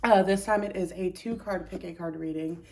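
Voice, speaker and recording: A woman's voice: fairly low pitch, moderate pace, darkish tone. A woman hosting a casual pick-a-card tarot video from home, chatty and rambling with many ums, a little out of breath. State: a bit out of breath. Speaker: tarot reader. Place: home, indoors.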